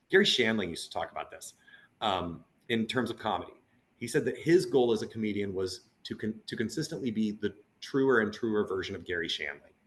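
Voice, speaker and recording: A man who works as a puppeteer and teaching artist, talking earnestly in a casual video-call conversation and acting out voices as he tells stories. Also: lowish voice. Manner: earnest and animated, acts out quoted voices.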